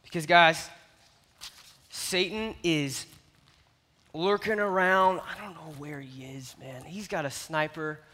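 A man preaching a sermon, telling a parable with lively, animated storytelling that swings between loud and quiet. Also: a little high, slow, pauses often. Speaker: youth pastor. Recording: long reverb of a large hall.

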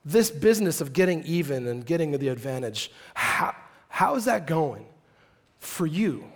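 A middle-aged male pastor preaching a casual, joking sermon that swings from quiet reflection to loud, emphatic bursts. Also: on the high side, very animated, measured pace.

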